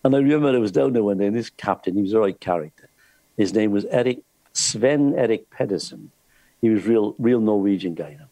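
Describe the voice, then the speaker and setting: A man who works as a singer and entertainer on cruise ships, telling lively anecdotes with plenty of laughs and acted-out voices. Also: lowish voice, a little fast, dry recording. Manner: lively storyteller, laughs often, acts out voices in his stories.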